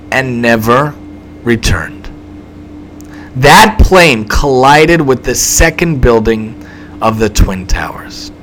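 Emphatic, animated male preacher. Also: mid-range voice, slight background noise, low-quality recording. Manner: emphatic, repetitive, dramatic swings in delivery. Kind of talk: storytelling sermon.

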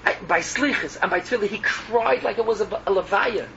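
Impassioned high-pitched male preacher. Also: fairly quick, gravelly, sharp tone. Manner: emotional, repetitive, swings between cries and murmurs. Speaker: rabbi. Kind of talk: Yiddish-laced sermon. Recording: muffled lo-fi recording with background noise.

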